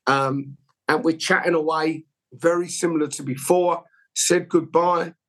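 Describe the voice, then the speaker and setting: Husky, high-voiced man telling stories. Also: steady tone, a little slow, a bit bright, poor audio. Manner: rambling anecdotal, with emotional candour. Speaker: interview guest. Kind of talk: conversational storytelling.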